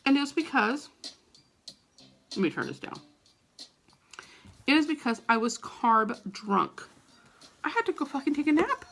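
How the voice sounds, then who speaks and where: Woman, middle-aged, gravelly fry, vlog storytelling, animated, profane. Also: sits high, a little slow, long pauses, faint music behind. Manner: animated, profane, acts out quoted voices. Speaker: vlogger. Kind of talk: casual storytelling to camera.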